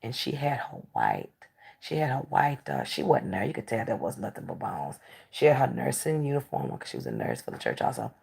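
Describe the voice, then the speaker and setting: A woman talk show host telling stories in casual chat, blunt and candid, swinging between animated outbursts and hushed asides. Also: rumbling low, brisk, gravelly, slightly rough.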